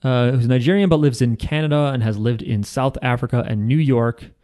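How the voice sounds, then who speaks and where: Man, podcast co-host, casual, halting, deadpan, mid pitch. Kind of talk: casual chat.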